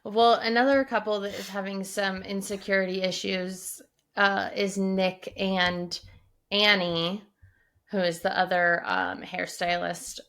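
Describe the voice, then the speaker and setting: Woman podcast co-host, bright tone, animated storyteller who acts out quotes. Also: mid-range voice, a little slow, clean tone. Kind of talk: casual chat.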